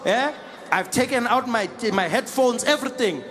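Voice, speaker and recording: A man's voice: very high voice, lively intonation, moderate pace, a bit bright, voice pushed up. A comedian voicing an easygoing South African man who took someone's plane seat, talking in a breezy, wheedling way with a South African accent. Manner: breezy, wheedling, ends lines with "eh".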